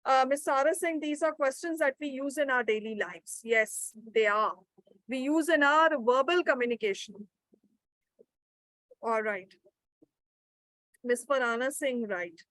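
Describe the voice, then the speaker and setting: A woman's voice: high voice, unhurried, long pauses, a bit bright, no room sound, rough recording. A woman teaching an interactive online grammar session. She reads out participants' answers and praises them. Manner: encouraging, reads out participants' replies. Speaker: webinar trainer.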